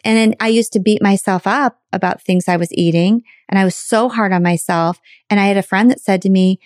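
A middle-aged woman hosts a casual interview podcast, chatty and candid with a self-mocking streak. Her voice sits at an ordinary pitch and sounds dry and close, with no room around it. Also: fairly quick, hardly any pauses, darkish tone, no room sound. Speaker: podcast host.

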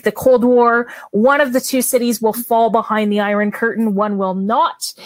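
A woman's voice: on the high side, no room sound. A woman with a Canadian accent, a guest author chatting in an interview with gushing enthusiasm. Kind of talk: casual interview.

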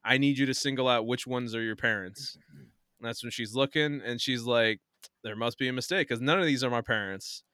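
Man, casual chat, animated movie recap, quotes characters, smooth voice. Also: mid-range voice, fairly quick, dry recording, studio quality. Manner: animated retelling, acts out characters' lines. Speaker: podcast host retelling a film.

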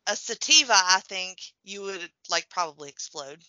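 A woman talking as a podcast guest, her voice very bright and sharp. She is chatty and quick to laugh, sprinkling in "like" as she explains. The audio is dull and lo-fi, close and dry. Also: medium pitch, animated, dry recording. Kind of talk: casual podcast chat.

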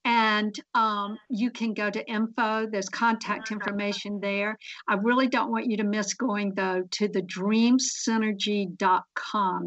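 Female radio guest, careful and unhurried, lo-fi line. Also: medium pitch, flat delivery, fairly bright tone, no room sound. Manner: unhurried, spells things out carefully. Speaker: guest dream expert. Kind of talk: casual radio chat. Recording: dull lo-fi line.

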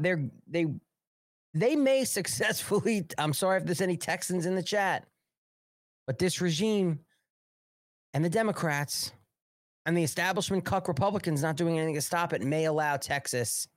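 A man's voice: a little high, lively intonation, moderate pace, pauses often, dry recording. A man hosting a live-streamed political commentary show, ranting and agitated, with heavy profanity, on a close studio mic. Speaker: talk show host.

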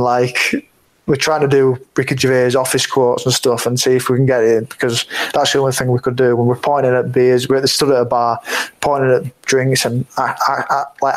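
A man's voice: medium pitch, low-quality recording. Laughing young man telling stories. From England. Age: 20s. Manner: rambling, laughs often, many fillers. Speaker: guest rugby player. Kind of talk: casual anecdote-telling.

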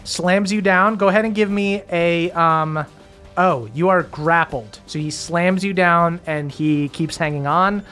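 A man narrating a tabletop game as game master, relaxed, often laughing, with frequent ums. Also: fairly high pitch, unhurried, clear, resonant tone, faint music behind.

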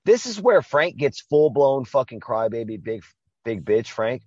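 A man's voice: medium pitch, sing-song, unhurried, a little mellow, breathy edge, no room sound, highs cut off. A man co-hosting a podcast, chatting casually about a horror film, swearing and laughing a lot. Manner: crude, laughing, swearing often. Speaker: podcast co-host. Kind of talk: casual movie chat.

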